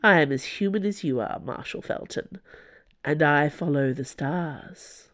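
A woman voicing a scheming, silver-tongued male noble held prisoner, speaking in a measured, wistful way. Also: deep voice.

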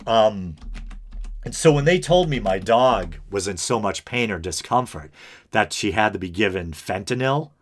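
Low-voiced man in a rambling podcast monologue. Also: lively intonation, moderate pace. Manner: rambling and earnest, with many fillers and restarts. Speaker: podcast host.

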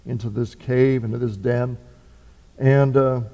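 A man's voice: medium pitch, fairly even intonation, unhurried, dark tone. A man preaching a conversational sermon, full of fillers, restarts and rhetorical questions. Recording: reverberant hall.

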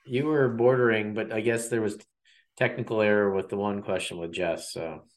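A man's voice: fairly low pitch, fairly even intonation, moderate pace. Man co-hosting a casual podcast. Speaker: podcast co-host. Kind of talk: casual interview chat.

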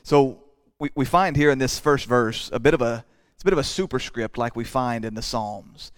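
Pastor, male, earnest preaching, rises loud on key points, drops to quiet asides, dry close sound. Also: mid-range voice, normal speed, no room sound. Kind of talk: sermon.

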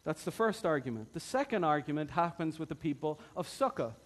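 Casting: male preacher, high-pitched, storytelling sermon. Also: very animated, brisk. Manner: storytelling, acting out voices.

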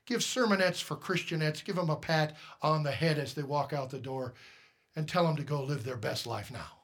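A man's voice: a little high, normal speed, fairly bright tone. A man preaching a sermon as pastor, emphatic and direct, firing rhetorical questions at the congregation.

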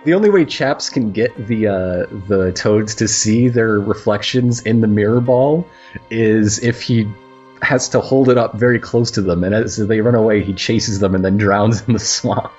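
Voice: mid-range voice, moderate pace, a little mellow, muffled recording, faint music behind. A game master running a tabletop role-playing game, checking rules in a matter-of-fact way.

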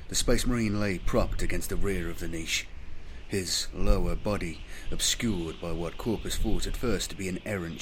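A man giving measured, dramatic scripted audiobook narration. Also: sits low, a little hiss or hum.

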